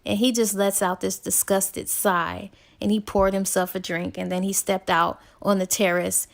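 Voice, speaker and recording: A woman's voice: medium pitch, moderate pace, vocal fry. A woman reviewing a book, casually retelling its plot in a chatty, giggly way and quoting the characters as she goes. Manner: chatty, giggly, quotes characters in a lively storytelling tone.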